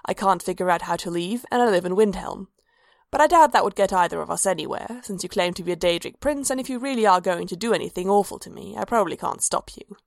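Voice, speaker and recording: A woman's voice: lowish voice, lively intonation, fast, creaky, no room sound. A woman reading as a wry, shrewd elf woman. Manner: dry, wry.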